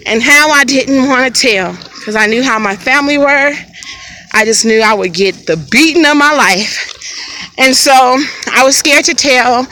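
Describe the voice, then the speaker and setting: A woman's voice: high voice, normal speed, sharp tone, slight background noise, poor audio. A woman vlogger telling a personal story outdoors by a lake, frank and conversational, speaking straight to her viewers. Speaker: family vlogger.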